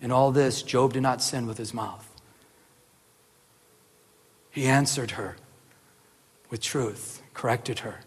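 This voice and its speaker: A man with a mid-range, slightly rough voice teaches the Bible slowly, pausing often, in a casual but earnest way. His many rhetorical "remember?" questions and moments of animated emphasis echo through a reverberant hall.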